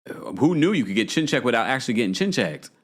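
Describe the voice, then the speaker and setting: A man hosting a casual reality TV recap, talking playfully and jumping his pitch up to mimic the people he quotes. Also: very animated, quick pace. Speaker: podcast host recapping reality TV. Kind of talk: casual chat.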